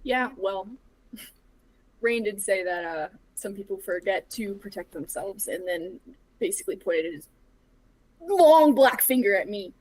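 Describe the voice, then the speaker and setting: A woman player in a tabletop role-playing game who talks in an expressive, playful, self-deprecating way. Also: medium pitch, unhurried, pauses often, poor audio. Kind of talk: in-character tabletop banter.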